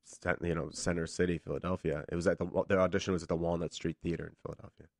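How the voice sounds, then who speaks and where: Deep-voiced man telling a lively story. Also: racing, no room sound, clean studio sound. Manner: animated, acts out quoted voices. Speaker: actor, interview guest. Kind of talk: casual storytelling. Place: radio show studio.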